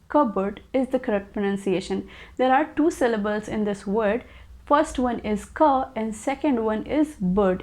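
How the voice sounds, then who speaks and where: A woman giving an online English pronunciation lesson, who repeats each word slowly and asks the viewer questions. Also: on the high side. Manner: patient, repeats words slowly for practice.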